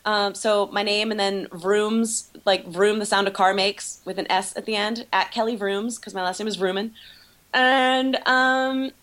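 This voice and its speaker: A woman's voice: mid-range voice, fairly even intonation, a little slow, fairly bright tone. A woman guesting on a podcast, chatting in an easygoing, jokey way. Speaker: podcast guest, video producer. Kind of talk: casual interview chat.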